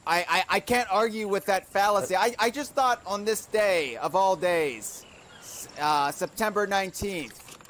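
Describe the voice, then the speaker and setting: A man's voice: high voice, a little slow, fairly bright tone, slight background noise. A man hosting a comedy podcast, improvising banter in a pirate persona and often stammering and rambling as he jokes. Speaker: podcast host.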